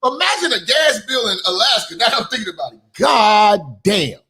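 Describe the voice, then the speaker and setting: Lively, high-pitched ranting man. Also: moderate pace, gravelly. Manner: animated, swearing, ranting. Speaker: commentary streamer. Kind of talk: profane reaction commentary.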